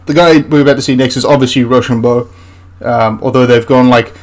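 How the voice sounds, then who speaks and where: A man's voice: mid-range voice, fairly even intonation, quick pace, hardly any pauses. A man hosting a history channel, ranting through a film critique in an exasperated, rambling way with frequent restarts.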